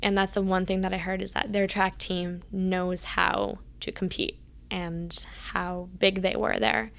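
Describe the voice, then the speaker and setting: An earnest woman recounts her college athletic years as an interview guest. Her voice carries a gravelly texture and moves within a narrow, even pitch range. She slips readily into reenacting past conversations. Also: a little slow. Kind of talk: casual interview storytelling.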